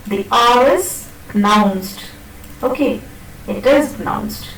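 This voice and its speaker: This woman's voice is a little high and fairly bright, with lively intonation and a slow pace. She's giving a classroom pronunciation lecture, patiently demonstrating and repeating words while confirming the students understand, recorded from a distance in an echoey room.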